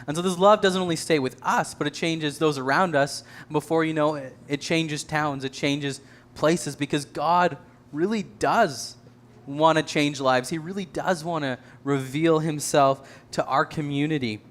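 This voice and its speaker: A man's voice: a little high, unhurried. A man leading a church service, speaking earnestly with some light self-deprecating humor. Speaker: church leader. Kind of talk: sermon.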